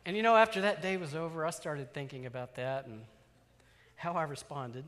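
Bright-voiced pastor in a reverberant hall. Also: male voice, fairly high pitch, moderate pace. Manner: animated, swings from loud exclamations to hushed asides. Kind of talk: storytelling sermon.

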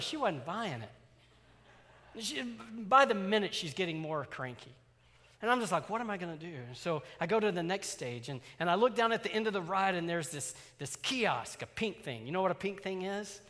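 Bright-voiced pastor in a reverberant hall. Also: male voice, high-pitched, normal speed. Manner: animated, swings from loud exclamations to hushed asides. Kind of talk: storytelling sermon.

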